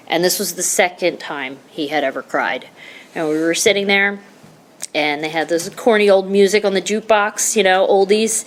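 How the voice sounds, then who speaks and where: A middle-aged woman, her voice sitting fairly low. She tells a recovery story in a heartfelt, rambling way, circling back with "you know" and restarts. A faint hum sits behind her. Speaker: recovery meeting speaker.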